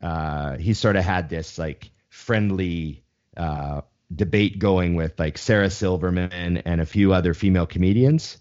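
A young podcast co-host speaks in a deep, slightly mellow voice at a measured pace. He rambles and swears freely during the casual chat, often beginning sentences again, and the lo-fi audio sounds a bit dull.

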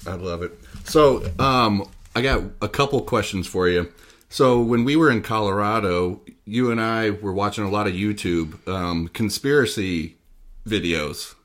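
A man hosting a casual podcast, upbeat and quick to laugh. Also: fairly low pitch, fairly bright tone. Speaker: podcast host. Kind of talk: casual chat.

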